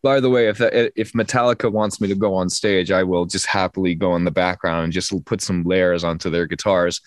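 Young male musician guest, low voice, dry close sound, rambling with stammered restarts. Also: steady tone, a little fast, dry recording. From New Jersey. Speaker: singer-songwriter guest. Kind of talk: casual interview chat.

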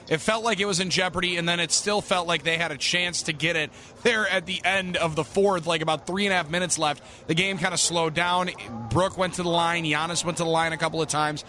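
A man hosting a sports radio postgame show, chatting smoothly and upbeat with a reporter. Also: on the high side, sharp tone, a little hiss or hum. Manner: smooth, upbeat broadcaster delivery.

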